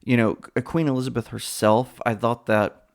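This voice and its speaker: A man's voice: mid-range voice, fairly even intonation, moderate pace, gravelly. A man giving opinionated solo commentary in a scornful, mocking way, rambling with many fillers. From United States. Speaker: political commentator.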